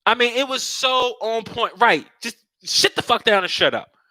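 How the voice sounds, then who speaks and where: A man's voice: very high voice, normal speed, no room sound, poor audio. A man ranting in casual talk, swearing constantly and mocking others in put-on voices. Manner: profane, animated, mocks others in put-on voices. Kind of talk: casual political rant.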